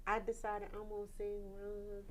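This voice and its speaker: A woman guest singer telling a story in a conversation, lively and animated, laughing often and acting out what people said. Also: medium pitch, moderate pace, slight background noise, low-quality recording.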